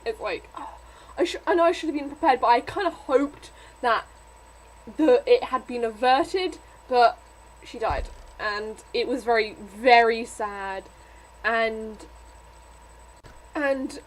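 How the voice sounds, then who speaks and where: A woman's voice: high voice, slow, slight background noise, poor audio. A young woman reviewing a book in a casual vlog, rambling with many fillers and getting emotional. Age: young adult.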